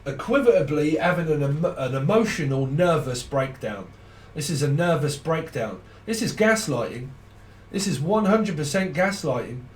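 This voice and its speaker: A man's voice: a little high, expressive, moderate pace, recorded from a distance. A man giving a casual, rambling tarot reading, swearing freely and laughing often. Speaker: tarot reader. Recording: roomy sound from off the mic.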